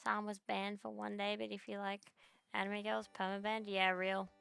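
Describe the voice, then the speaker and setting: Gravelly woman ranting on stream. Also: mid-range voice, level tone, moderate pace, a bit bright. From Australia. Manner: rambling, profane, ranting. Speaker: VTuber streamer. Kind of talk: casual livestream chat. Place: home computer desk.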